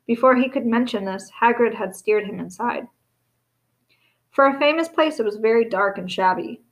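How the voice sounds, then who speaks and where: A woman reading a storybook aloud in a steady, expressive narration. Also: medium pitch, brisk, rough recording. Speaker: audiobook reader.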